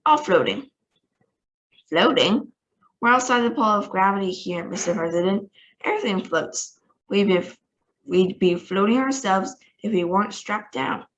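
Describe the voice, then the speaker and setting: A woman's voice: medium pitch, expressive, unhurried, dull audio, natural voice. A woman reading aloud, voicing a brash, cheeky male astronaut. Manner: brash, sassy.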